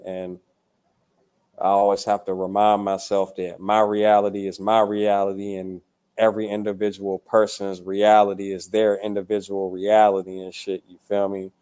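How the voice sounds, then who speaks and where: A man's voice: on the low side, a little mellow, clear, resonant tone. A young man from Durham, talking as a podcast guest in a laid-back, profane way, tagging lines with "you feel me". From Durham, North Carolina. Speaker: poet and musician guest. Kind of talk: casual podcast interview.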